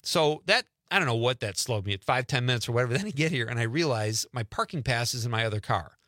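Animated Midwestern man hosting radio chat. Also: mid-range voice, fast talker, no echo, clean studio sound. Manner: animated storyteller, exclaims and laughs. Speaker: radio show host. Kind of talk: casual on-air chat.

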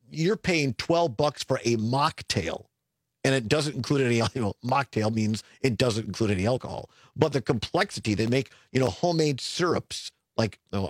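Lively middle-aged male radio host. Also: medium pitch, breathy edge, no room sound, studio quality. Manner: animated, chuckling, self-correcting. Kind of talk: casual talk radio chat. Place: radio studio. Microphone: studio mic.

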